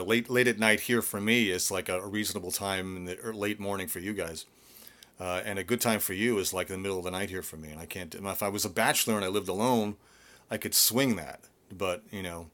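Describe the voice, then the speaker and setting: A middle-aged man coaching singers over a live stream from his home, his voice sitting a little low. He talks loosely and rambles, circling back with fillers and restarts as he answers viewers. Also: fairly bright tone. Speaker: vocal coach.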